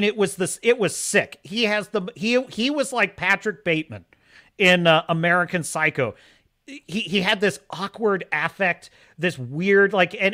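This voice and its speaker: A man's voice: high-pitched, sharp tone. A man hosting a livestream, giving opinionated, emphatic commentary and often repeating himself for stress. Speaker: host of a streaming show.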